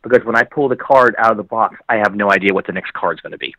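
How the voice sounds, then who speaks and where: A man with a bright, forceful voice and a fairly low pitch, chatting as a guest. He rambles through his stories with fillers and restarts. His voice jumps up high when he quotes people. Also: quick pace, dry recording, muffled recording. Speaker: guest actor. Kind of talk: casual storytelling interview.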